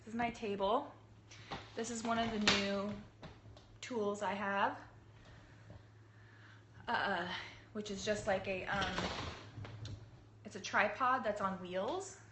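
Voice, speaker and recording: A woman in her thirties, hoarse from a cold, chatting casually to viewers while she sets up her cake workshop on a phone livestream. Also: steady tone, slow pace, pauses often, sharp tone, slight background noise. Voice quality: husky, low. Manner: chatty, laughing, greets viewers by name. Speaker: cake artist hosting a livestream. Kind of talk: casual live-stream chat.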